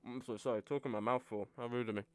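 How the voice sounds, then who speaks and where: A man's voice: mid-range voice, steady tone, fast, darkish tone, a little hiss or hum. A young man with a sore throat streaming a game, chatting wryly and reading chat aloud while he eats. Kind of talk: casual game stream commentary.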